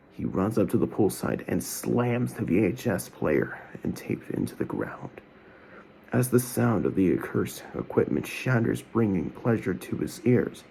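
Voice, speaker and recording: A man reading his own self-written story aloud as a channel host, with slightly slurred words and an animated telling. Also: low-pitched, creaky, a little hiss or hum.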